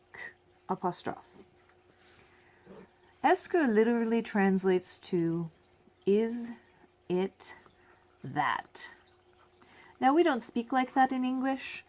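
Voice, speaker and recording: A woman teaching a French lesson, explaining slowly and repeating each phrase in both languages, with self-deprecating asides. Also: mid-range voice, darkish tone. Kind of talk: classroom lesson.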